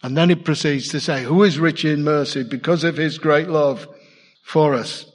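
A man's voice: on the high side, moderate pace, in a large hall. A man preaching a sermon in a church, conversational and asking his congregation questions. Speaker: pastor.

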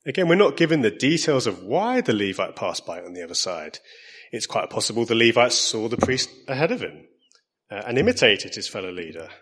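A man with an Essex accent giving a sermon, measured and earnest, slowing down to stress key lines. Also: on the low side, very animated, a bit bright, husky. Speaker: preacher.

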